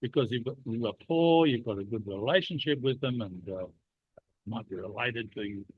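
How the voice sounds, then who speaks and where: Husky and mid-range, the voice of a man with a cold moves at a moderate pace as he hosts a leadership discussion for his program. The casual podcast talk is chatty and playfully teasing, captured on a dry, tinny, phone-like line without echo.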